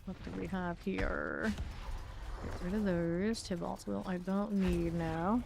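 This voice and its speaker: A woman's voice: fairly low pitch, very animated, takes it slowly, gravelly, background noise. A woman streamer chatting casually and thinking aloud while she sorts loot during gameplay commentary.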